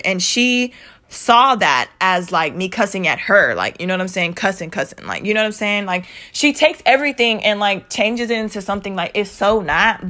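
A woman's voice: medium pitch, sharp tone. A young woman vlogger telling a personal story to her viewers in a blunt, emphatic way, swearing freely and repeating herself. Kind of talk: casual storytime vent.

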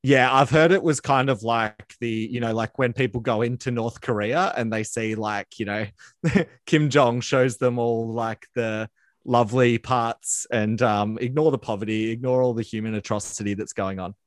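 A man co-hosting a casual history podcast, talking in a relaxed, hesitant way with ums and likes. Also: medium pitch, normal speed, dry recording, clean studio sound. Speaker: podcast co-host.

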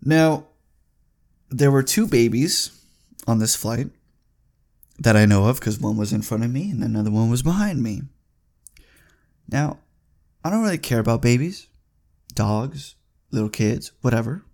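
A man in his twenties telling a story as a casual vlog rant, heated and profane, often getting loud and high. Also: animated, a little slow, vocal fry, pauses often. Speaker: vlogger.

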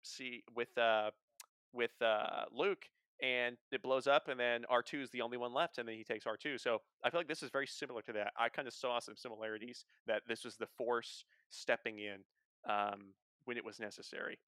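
Bright-voiced man chatting casually. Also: mid-range voice, steady tone, moderate pace, smooth, no echo. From United States. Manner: enthusiastic, detail-focused, rambling. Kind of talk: casual fan discussion.

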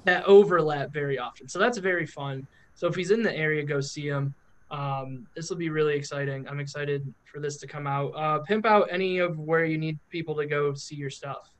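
A man's voice: on the high side, fairly even intonation, a little fast. A man hosting a podcast in casual chat, rambling through stories with lots of filler words. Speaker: podcast host.

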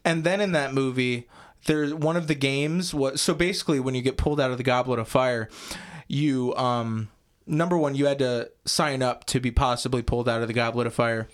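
A man's voice: medium pitch, steady tone, brisk. A young man co-hosting a casual podcast chat, ranting with lots of swearing and mocking put-on voices. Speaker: podcast co-host.

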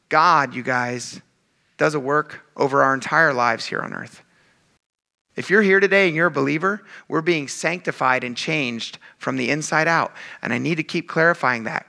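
A male pastor delivers a sermon with a bright, forceful voice that sits a little high. He talks casually and animatedly, slipping into quick acted-out asides.

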